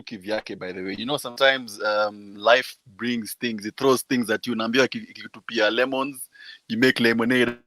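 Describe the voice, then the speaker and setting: A man's voice: medium pitch, fairly even intonation, normal speed, pushed and bright, dry recording. Reflective man, dry sound. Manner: reflective, hesitant, mixes English and Swahili. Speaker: guest. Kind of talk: interview answer.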